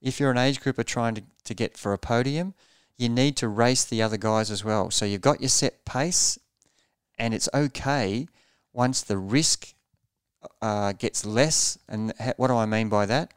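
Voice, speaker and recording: A man's voice: mid-range voice, measured pace, clean tone, no echo, studio quality. A man coaching triathletes in a podcast interview, explaining pace earnestly and repeating words as he thinks.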